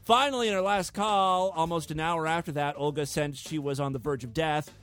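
A man's voice: fairly high pitch, fairly quick, a bit bright, faint music behind. A man hosting a podcast, reading out news with crude, irreverent commentary and frequent laughter. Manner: irreverent, laughs often, mock voices for quotes. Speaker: podcast host.

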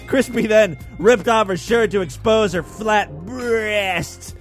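A man's voice: sits high, takes it slowly, few pauses, fairly bright tone, faint music behind. A man hosting a podcast and reading a story in a mock-dramatic, solemn narrating voice. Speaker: podcast host.

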